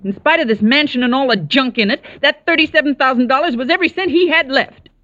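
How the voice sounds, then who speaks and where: A woman in 1940s radio acting, playing a collector's earnest, quick-tempered young niece, on a dull old radio broadcast. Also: low voice, lively intonation, darkish tone, dry recording. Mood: indignant.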